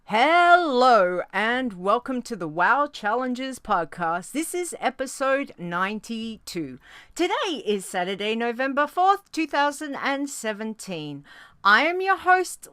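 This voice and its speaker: A woman's voice: a little high, sing-song, slow, a bit bright, dry recording. A woman hosting a podcast in casual chat, bubbly and chatty, with cheery exclamations. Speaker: podcast host.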